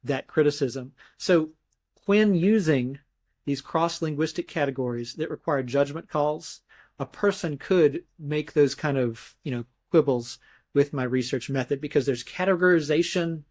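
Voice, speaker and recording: A man's voice: a little high, a little slow, a little mellow. A man being interviewed as a scholar, explaining grammar thoughtfully step by step, often restarting phrases and demonstrating emphasis with his voice. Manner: mimics emphasis with his voice in examples. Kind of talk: academic explanation in conversation.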